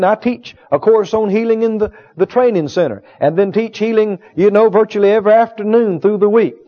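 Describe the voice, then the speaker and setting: A healing school teacher and preacher delivers a sermon in a high, ringing voice, emphatically repeating key phrases and pausing for the congregation's call-and-response agreement. The recording sounds dull and lo-fi.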